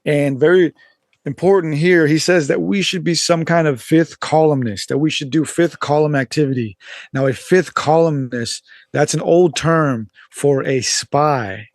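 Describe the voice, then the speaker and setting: A man's voice: on the high side, unhurried, no echo, studio quality. A man as a podcast guest, explaining at length in a laid-back way, with casual swearing.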